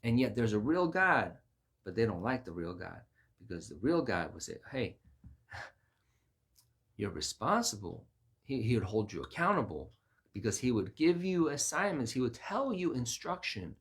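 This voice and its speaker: A man's voice: mid-range voice, big pitch swings, moderate pace, fairly bright tone, breathy edge. A man giving an informal sermon-style talk, emphatic and repetitive, his voice jumping up whenever he acts out what someone says. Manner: emphatic, repeats words, voice rises sharply on quoted lines. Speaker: Christian preacher.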